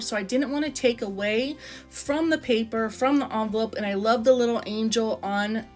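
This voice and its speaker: A woman vlogger chatting enthusiastically as she flips through her craft book and shows how she puts pages together. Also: fairly high pitch. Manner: chatty and enthusiastic, lots of "I love" and "like". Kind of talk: casual craft flip-through chat.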